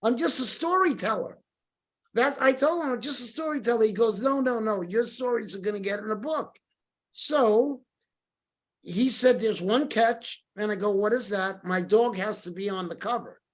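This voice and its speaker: Older man, podcast guest, animated storytelling, acts out quoted voices. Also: high voice, moderate pace.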